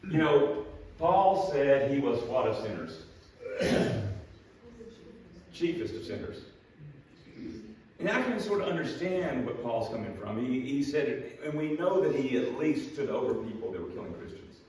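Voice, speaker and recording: A man's voice: medium pitch, sing-song, a little slow, pauses often, a little mellow, a little hiss or hum. Folksy man teaching Bible class. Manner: folksy, plainspoken, self-deprecating. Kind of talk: storytelling Bible class lesson. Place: church classroom. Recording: echoey room, mic far off.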